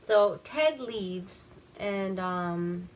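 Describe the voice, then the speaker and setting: A woman's voice: mid-range voice, extremely slow, a little hiss or hum. A woman recapping an old movie in a casual, profane, rambling way, laughing as she goes. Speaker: movie reviewer.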